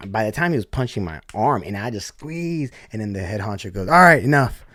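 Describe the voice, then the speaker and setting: A man's voice: fairly low pitch, very animated, a little fast, no room sound, studio quality. A man who is a podcast guest, telling a story in a blunt, profane, casual way with lots of "like". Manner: blunt, profane, heavy use of "like".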